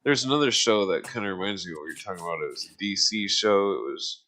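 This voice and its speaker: A man's voice: low voice, lively intonation, quick pace, sharp tone. A man hosting a podcast, who reacts with easy amazement and drawls through casual chat. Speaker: podcast host.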